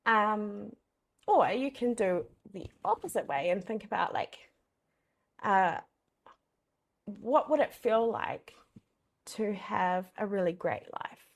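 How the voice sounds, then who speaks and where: A woman's voice: medium pitch, animated, slow pace, vocal fry, long pauses. A young adult woman coaching in a loose, conversational way. She peppers her talk with fillers and curses freely. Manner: chatty, swears freely, many fillers like "like". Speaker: boundaries coach. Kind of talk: casual masterclass talk.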